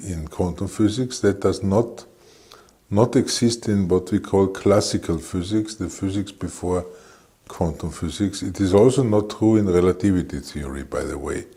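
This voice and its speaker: A man answering interview questions about physics in a halting, careful way, with frequent pauses and fillers. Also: low-pitched, dark tone, husky.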